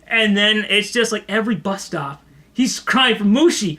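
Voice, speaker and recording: Animated, bright-voiced podcast storyteller. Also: mid-range voice, moderate pace. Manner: animated storyteller, laughs often. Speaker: podcast co-host. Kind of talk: casual comedy podcast chat.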